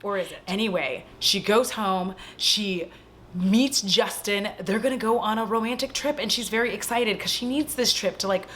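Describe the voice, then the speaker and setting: A young woman casually recapping a horror film at home, animated and swearing freely as she acts out the characters' lines. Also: medium pitch, moderate pace, slight background noise. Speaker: vlog host.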